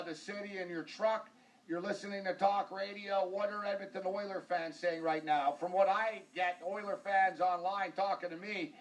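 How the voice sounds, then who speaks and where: A man's voice: high voice, far from the mic, low-quality recording. A man hosting a sports talk show, rambling and joking in casual banter. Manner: rambling, joking, full of fillers like "like" and "uh".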